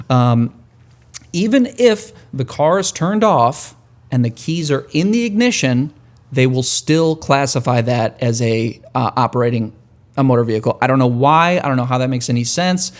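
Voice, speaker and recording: A man hosting a podcast in a casual monologue, rambling and profane with wry, dark humor. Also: medium pitch. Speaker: podcast host.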